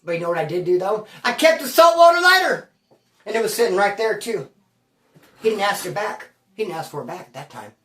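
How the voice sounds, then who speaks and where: A man's voice: sits high, very animated, a little fast, bright, forceful tone, recorded from a distance. A man casually telling a prison story to camera in profane, rambling street slang. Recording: roomy echo, voice off-mic.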